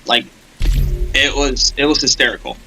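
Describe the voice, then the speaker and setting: A man chatting casually as a guest on a gaming stream, telling animated stories with laughter and the odd swear. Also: medium pitch, moderate pace, soft background music, poor audio. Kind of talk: casual storytelling chat.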